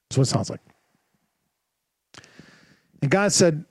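A man preaching a sermon as pastor, telling stories with lively acted-out voices and asking rhetorical questions. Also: high voice, unhurried, pauses often, breathy edge, no echo. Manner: animated storytelling with rhetorical questions; acts out voices and sounds in his stories.

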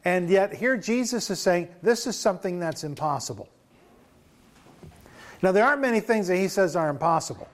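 A man preaching a sermon as pastor, in a conversational way, often chuckling and restarting his sentences. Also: high voice.

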